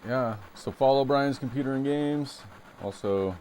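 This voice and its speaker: A man streaming a retro game live, chatting casually with his viewers in a relaxed way and laughing easily. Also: medium pitch, a little slow, a little hiss or hum. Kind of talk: casual live-stream chat while playing.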